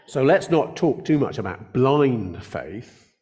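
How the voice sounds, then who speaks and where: An older male pastor preaching an earnest sermon from the pulpit. He speaks at an easy, conversational pace and slows down deliberately to lean on the words that matter. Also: mid-range voice, very animated, a little mellow.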